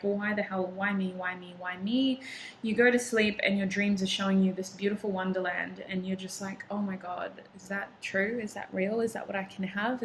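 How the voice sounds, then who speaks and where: A woman's voice: medium pitch, fairly bright tone, a little hiss or hum, low-quality recording. A woman whose first language is not English, giving a chatty, encouraging tarot reading with frequent ums and restarts. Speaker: tarot reader.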